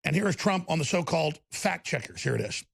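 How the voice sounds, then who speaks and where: Texan male host, sarcastic rant, raspy and gravelly. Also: a little high, sing-song, fast. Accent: Texas. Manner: sarcastic, scornful. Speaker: political commentary host. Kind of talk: ranting commentary.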